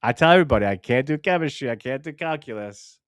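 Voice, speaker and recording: A man co-hosting a live podcast stream in casual banter, loud, animated, rambling and profane. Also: medium pitch, fast, smooth, no room sound, clean studio sound. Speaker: podcast co-host.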